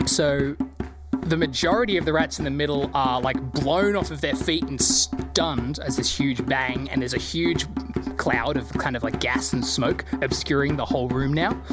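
Laid-back game master over loud music. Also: male voice, medium pitch, moderate pace. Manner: loose, laughing narration with filler words. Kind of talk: narrating a tabletop game. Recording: music playing loudly behind.

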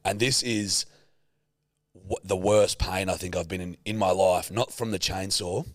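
A man's voice: deep voice, steady tone, measured pace, dry recording, studio quality. A young Australian man in casual podcast chat, telling a story in a laid-back way and swearing often. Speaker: podcast co-host.

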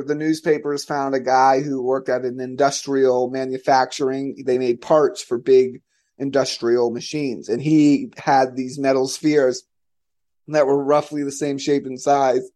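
A man's voice: medium pitch, a little mellow. Chatty man telling a strange story. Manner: chatty, many fillers and "like". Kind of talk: casual storytelling.

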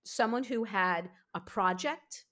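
A woman in her fifties, a podcast host, telling her own story in a candid, emphatic, animated way. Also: medium pitch, slow. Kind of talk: candid conversational interview.

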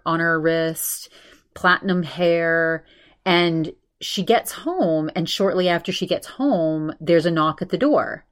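A woman hosting a podcast, reviewing an episode in a casual, chatty way with frequent restarts and fillers. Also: fairly low pitch. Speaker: podcast host.

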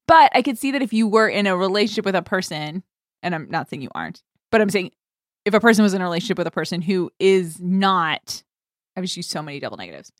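Woman, podcast co-host, casual chat, giggly, rambling, lively pitch, dry close sound. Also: fast talker, no echo.

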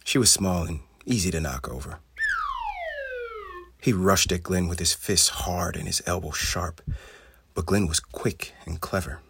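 A man reading a children's storybook aloud in an expressive, steady way. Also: deep voice, a little slow, gravelly, pauses often, very noisy.

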